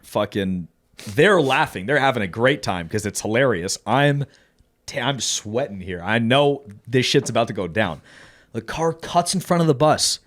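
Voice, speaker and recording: A man telling a story on a podcast in a casual, profane, animated way, often laughing as he talks. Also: medium pitch, normal speed. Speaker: podcast co-host.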